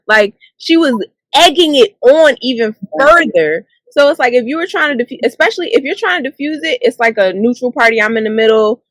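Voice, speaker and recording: This woman talks in a high voice that jumps all over, quick to react and incredulous. The sound is dry and close, with no room around it. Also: lively intonation, fairly bright tone, dry recording, rough recording. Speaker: co-host. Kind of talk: casual recap chat.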